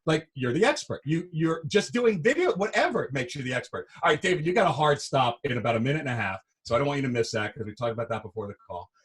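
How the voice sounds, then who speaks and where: A man co-hosting a casual live-stream show, chatting in a relaxed way. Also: medium pitch, quick pace, hardly any pauses. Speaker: podcast co-host.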